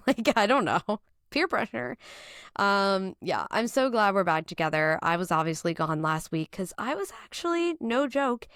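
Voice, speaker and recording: A woman's voice: medium pitch, animated, normal speed, fairly bright tone, no room sound, studio quality. A young woman hosting a casual motorsport podcast, bubbly and laughing often. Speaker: podcast host. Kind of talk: casual chat. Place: home, in Boston.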